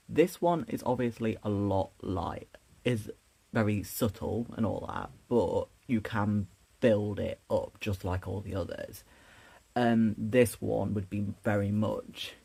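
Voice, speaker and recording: A man's voice: on the low side, creaky, dark tone, slightly rough. A young man, chatting casually and self-mockingly through a makeup tutorial. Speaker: drag performer.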